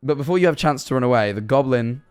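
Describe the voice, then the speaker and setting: Rambling young streamer. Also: male voice, medium pitch, rapid-fire, a little mellow, clean tone, faint music behind. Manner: rambling, hypothetical storytelling, reacting to chat. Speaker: livestreamer. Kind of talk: casual live-stream chat.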